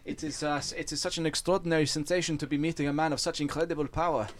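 A flustered female head of state, played by a man, gushes. She sounds breathless and swooning, pitched a little high. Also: steady tone, racing, close to an everyday voice. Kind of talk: improvised comedy sketch.

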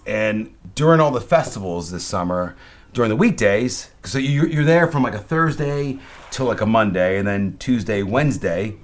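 Animated, slangy man with a low voice. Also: normal speed. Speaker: guest chef. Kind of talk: casual podcast chat.

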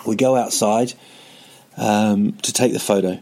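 A man's voice: on the low side, fairly even intonation, unhurried, gravelly, mellow. A man, a comedian hosting a podcast, telling a rambling comic story with self-mocking jokey asides. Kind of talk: casual comedic monologue.

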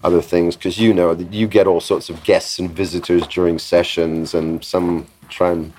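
A man's voice: sits low, moderate pace, a little hiss or hum. An older man, a sound engineer telling studio anecdotes as an interview guest, acting out the people in his stories. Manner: lively raconteur who acts out quoted voices. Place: podcast interview.

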